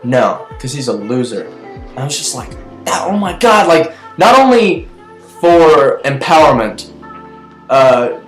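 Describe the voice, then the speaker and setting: A young man rambles through a TV episode review, excitable and chatty, stumbling over restarts. His voice sits in the middle of the usual male range and bounces around an echoey room, with faint music underneath. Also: medium pitch.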